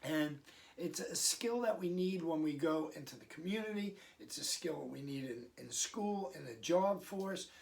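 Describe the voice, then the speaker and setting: A man's voice: fairly high pitch, expressive, gravelly. A man with a slightly raised voice talks parents through advice in an easygoing, conversational way, breaking into short acted-out lines of parent and child. He sits a bit back from the mic, so the sound is slightly distant. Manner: conversational, acts out parents and kids in quick asides. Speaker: parenting coach. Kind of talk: casual advice talk to camera.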